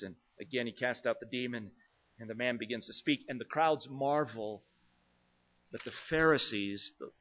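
Earnest male preacher, muffled sound. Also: medium pitch. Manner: earnest, rising to emphatic and dropping to quiet. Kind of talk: expository sermon. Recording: dull lo-fi sound.

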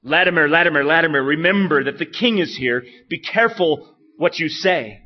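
Sex: male. Figure: a man putting on a stern warning king. Sound: a little higher and louder than his usual voice, on a dull lo-fi recording. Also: normal speed, natural voice.

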